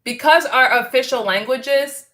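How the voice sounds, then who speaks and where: A woman's voice: high-pitched, unhurried, bright, forceful tone. A woman from Canada, hosting a casual livestream chat with viewers in a bubbly, chatty way and laughing often. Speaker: host.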